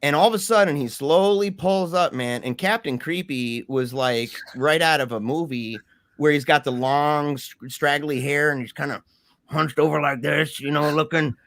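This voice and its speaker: A man guest telling a story in casual talk, animated, with many restarts and fillers. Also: a little high, normal speed, no echo.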